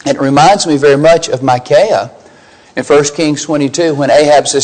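A man's voice: fairly high pitch, normal speed, a little mellow, low-quality recording. A man preaching a sermon, emphatic, putting questions to his listeners and rising on key scripture lines.

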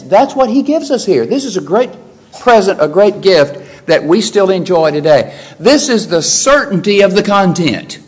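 A man preaching an expository sermon in an earnest, emphatic way, his pitch and loudness swinging widely as he presses his points.

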